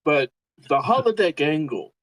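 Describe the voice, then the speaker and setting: A man's voice: fairly high pitch, very animated, unhurried, a bit bright, dry recording. A man on a podcast, chatting casually and musing through a half-joking theory. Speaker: podcast co-host. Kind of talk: casual chat. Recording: dry close sound.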